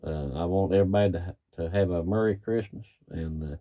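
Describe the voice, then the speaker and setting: A man's voice: low voice, fairly quick, phone-quality sound. A middle-aged man, a cattle farmer ranting in plain, folksy, angry talk. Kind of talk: frustrated rant to camera.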